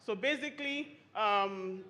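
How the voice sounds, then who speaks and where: A Nigerian woman, a lawyer and firm co-founder, giving a lively, chatty conference talk and teasing the audience. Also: medium pitch, unhurried. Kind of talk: conference presentation with audience interaction.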